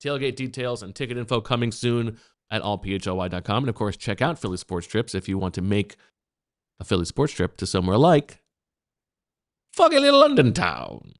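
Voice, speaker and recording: Man, podcast host, smooth clear voice, jokey casual chat. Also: lowish voice, fairly quick. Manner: jokey, reads sponsor spots and leads the segments.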